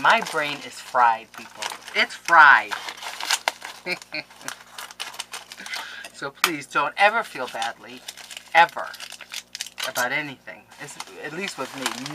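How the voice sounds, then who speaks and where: A woman's voice: low voice, background noise. A woman in her forties chatting casually to viewers while opening mail, effusive and emotional, with frequent exclamations. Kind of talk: casual chat. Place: home craft room.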